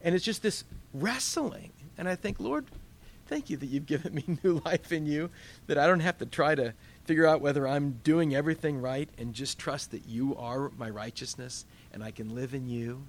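A man's voice: fairly high pitch, moderate pace. A man leading a Bible study in a conversational teaching style. He asks the group questions and acts out his own inner dialogue.

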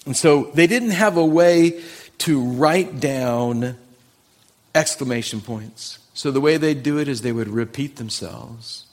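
A man's voice: medium pitch, takes it slowly. Man, pastor, church sermon, earnest and conversational, emphatic scripture reading. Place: church sanctuary.

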